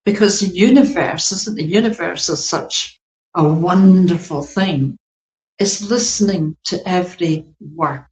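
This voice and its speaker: A woman giving a gentle, meandering spiritual talk to an online group as its teacher, with many fillers. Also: fairly low pitch, roomy sound, low-quality recording.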